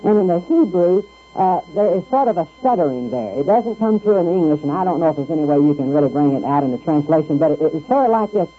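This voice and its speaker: A man preaching a radio sermon in a conversational way, with hesitant restarts and lively quoted voices. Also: fairly high pitch, fast, hardly any pauses, husky. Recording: tinny phone-like radio broadcast with faint music.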